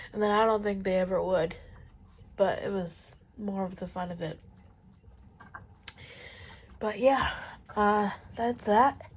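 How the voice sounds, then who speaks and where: Young woman, twenties, stuffy nose, husky voice, unhurried rambling vlog chat. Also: mid-range voice. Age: 20s. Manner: rambling, relaxed, lots of fillers. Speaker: vlogger. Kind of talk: casual chatty vlog. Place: room at home, on an exercise bike.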